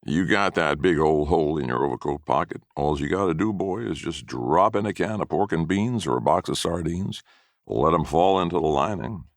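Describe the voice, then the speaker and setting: A man's voice: rumbling low, animated, normal speed, vocal fry, no echo, full character voice. A man doing a whining sly old grandfather. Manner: whining, self-pitying.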